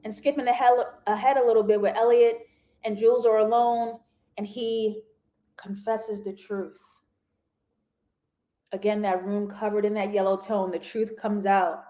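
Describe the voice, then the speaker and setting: A woman hosting a casual livestream TV review, animated and laughing often as she talks to her viewers. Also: mid-range voice, unhurried. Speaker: TV review host.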